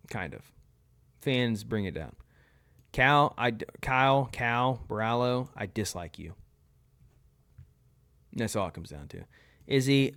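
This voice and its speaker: A young man with a low, smooth voice talks in a casual commentary style. He hands out blunt, opinionated verdicts one after another, quickly and without hedging. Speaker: tier list video host.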